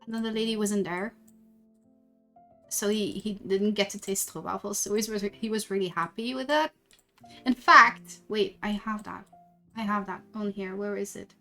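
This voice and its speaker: Dutch woman streamer, rambly storyteller, bright tone, faint music underneath. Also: mid-range voice, normal speed. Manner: rambling, chatty, many restarts. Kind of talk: casual stream chat, storytelling. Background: faint background music.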